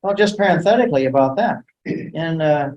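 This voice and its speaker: A man's voice: a little high, animated, moderate pace, darkish tone, dull audio. A man giving a rambling lecture talk, with many hesitations and restarts. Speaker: guest speaker. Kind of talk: lecture talk on sacred sites and ancient myths.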